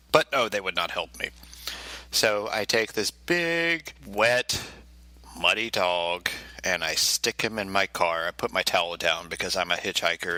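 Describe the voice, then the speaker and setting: A man's voice: sits low, bright, forceful tone, no echo. A man co-hosting a podcast, telling a funny personal story in a wry, self-mocking way and slipping into voices for the people in it. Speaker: podcast co-host. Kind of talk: casual comic storytelling.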